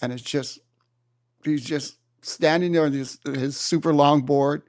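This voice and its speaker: A man in his seventies from Hawaii, an interview guest telling surf stories in an animated way and acting out his own exclamations. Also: a little high, measured pace, no echo, clean studio sound. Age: 70s. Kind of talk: storytelling in a conversation. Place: room.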